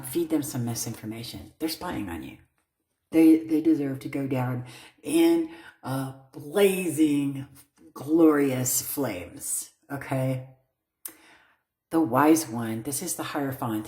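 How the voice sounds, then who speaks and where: Deep-voiced woman reading tarot, blunt. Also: a little mellow, roomy sound. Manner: blunt and emphatic, often checks in with "okay?". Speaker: tarot reader.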